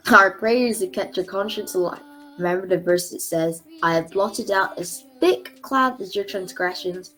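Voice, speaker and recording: A woman reading aloud and voicing a wise helper who talks in a warm, steady way. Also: mid-range voice, normal speed, close to an everyday voice.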